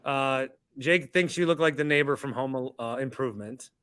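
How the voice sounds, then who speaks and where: A man's voice: mid-range voice, normal speed, a bit bright, clear, resonant tone, no echo. A man hosting a casual call-in show, joking and teasing his callers. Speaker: show host.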